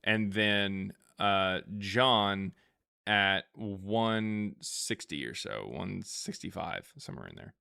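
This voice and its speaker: Bright-voiced, halting man hosting a stream. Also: deep voice, animated, vocal fry, clean tone, no echo, clean studio sound. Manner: halting, thinking aloud with many fillers and restarts. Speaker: live stream host. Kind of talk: casual live-stream talk reading viewer questions.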